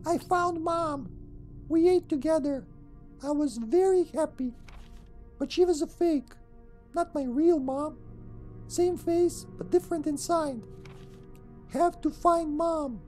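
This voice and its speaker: A game streamer putting on a high, childlike voice to read a creepy little girl's diary in slow, broken phrases. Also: darkish tone, soft background music. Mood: eerie, plaintive. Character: creepy, lost little girl searching for her mother. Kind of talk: dramatic reading of a game diary.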